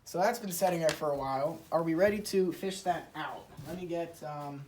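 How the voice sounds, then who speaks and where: A man's voice: fairly high pitch, moderate pace, a little mellow, a little hiss or hum. Rambling young man in a shed. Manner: rambling and easygoing, thinks aloud with fillers. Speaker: channel host. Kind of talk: casual workshop vlog. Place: home workshop shed.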